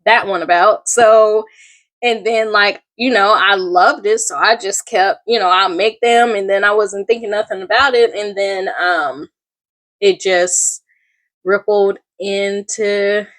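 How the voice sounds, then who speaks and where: A middle-aged woman talks to her viewers in a relaxed, rambling vlog. She wanders between asides and fillers. Her voice sits at an ordinary, medium pitch. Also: unhurried. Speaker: small craft business owner. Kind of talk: casual personal vlog storytelling.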